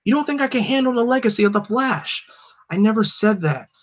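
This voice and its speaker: A man's voice: sits high, animated, a little fast, voice pushed up. A man voicing an eager young male speedster hero who talks earnestly and takes things personally. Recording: dull lo-fi recording.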